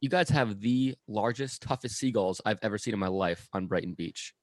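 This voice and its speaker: Male co-host, excitable and enthusiastic, low voice, dry close-miked sound. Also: normal speed, no echo. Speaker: podcast co-host. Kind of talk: casual podcast banter.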